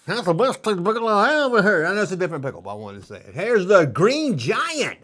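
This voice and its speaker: A man's voice: high voice, sing-song, brisk, fairly bright tone. A middle-aged man hosting a casual show-and-tell vlog, rambling with jokes and nostalgic asides. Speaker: toy collector host.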